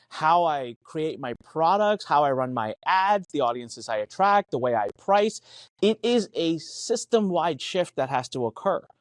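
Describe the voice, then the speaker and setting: Emphatic higher-voiced man on a podcast. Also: dry recording, clean studio sound. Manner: emphatic storyteller who acts out quoted dialogue, swears casually. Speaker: podcast co-host. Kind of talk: animated business podcast chat.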